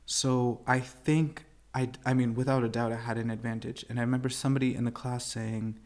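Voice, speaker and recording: A man's voice: medium pitch, brisk. A man co-hosting a podcast, telling a story in casual chat and acting out the people he quotes. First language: English. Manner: animated storytelling, acts out quoted voices. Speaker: podcast co-host. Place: indoor podcast recording.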